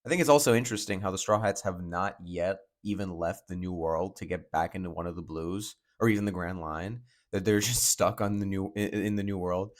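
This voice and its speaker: Low-voiced man musing casually. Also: brisk, hardly any pauses. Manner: chatty and musing, thinks aloud with fillers. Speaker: manga reaction host. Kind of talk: casual reaction commentary.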